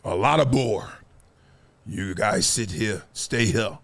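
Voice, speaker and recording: A man doing a slow, low caveman husband. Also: gravelly, a bit bright, exaggerated voice. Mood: instructing. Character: gruff caveman husband heading out to hunt.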